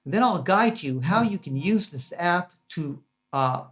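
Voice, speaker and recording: A man's voice: on the high side, expressive, a little slow, a bit bright. A man teaching guitar harmony in a casual, chatty lesson, enthusiastic and full of fillers and restarts. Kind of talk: casual lesson demonstrating a practice app.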